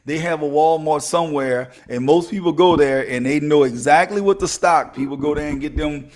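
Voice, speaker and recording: Animated high-voiced man. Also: a little fast. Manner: animated, preachy, joking with listeners. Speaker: podcast host. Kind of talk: motivational podcast talk.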